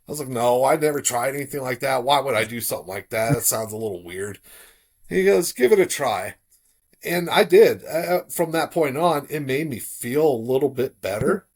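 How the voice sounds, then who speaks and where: A man's voice: mid-range voice, normal speed. Man telling his story casually. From South Florida. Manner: relaxed, animated when quoting others. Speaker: podcast guest.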